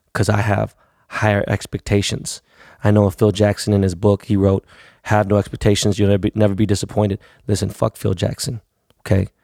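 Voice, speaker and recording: A man's voice: lowish voice, vocal fry, a little mellow, no echo, studio quality. A man in his thirties from the US West Coast, hosting a podcast in a blunt, profane, rambling monologue. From United States, West Coast. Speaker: podcast host. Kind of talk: casual monologue.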